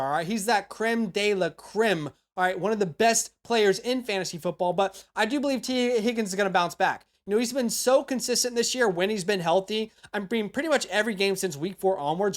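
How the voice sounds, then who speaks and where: A man's voice: sits high, a bit bright. A man hosting a fantasy football show, talking through picks in a loose, chatty way with lots of asides to the viewer. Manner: chatty, frequent "you know" and "all right?" asides. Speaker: fantasy football analyst host. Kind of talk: casual scripted-free sports analysis.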